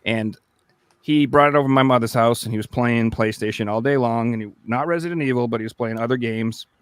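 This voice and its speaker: Man, podcast co-host, casual storytelling, animated, dry close sound. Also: mid-range voice, a little fast, clear, resonant tone, no room sound. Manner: animated storyteller, acts out voices. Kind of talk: casual chat.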